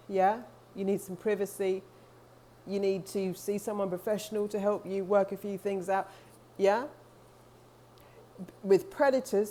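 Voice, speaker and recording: A woman talking earnestly to camera as a spiritual coach, chatty and warm-hearted, with restarts and asides. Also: mid-range voice, a little hiss or hum. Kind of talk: casual talk to camera.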